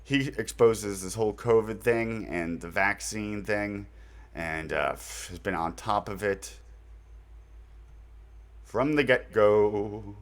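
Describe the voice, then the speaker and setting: A man's voice: on the low side, slow. A man hosting his own channel, talking through recommendations in a loose, rambling way with fillers and mild slang. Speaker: channel host introducing his website. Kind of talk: casual unscripted monologue.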